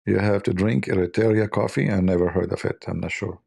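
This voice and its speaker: A man's voice: on the low side, gravelly, a little mellow, husky. A man from the Middle East with an Arabic accent, hosting a casual livestream chat and telling rambling, joking stories full of "you know". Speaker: livestream host.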